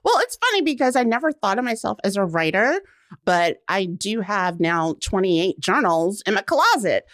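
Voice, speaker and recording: A woman's voice: medium pitch, moderate pace, no room sound, clean studio sound. A woman in her forties, a guest in an interview, telling her story expressively and acting out the lines she quotes. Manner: expressive storyteller, acts out quotes, laughs often. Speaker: guest, writer. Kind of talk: casual interview.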